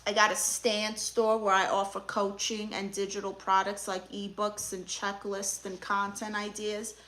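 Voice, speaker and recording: Woman, young adult, Brooklyn accent, sassy, teasing, bright voice. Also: medium pitch, little pitch movement, unhurried. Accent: Brooklyn New York. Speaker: livestream host playing an aunt therapist. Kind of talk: live stream chat reading.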